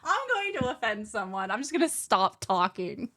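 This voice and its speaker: A woman streamer chatting casually with her viewers, animated and rambling, often restarting her sentences. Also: a little high, moderate pace, dry recording, studio quality. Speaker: gaming streamer.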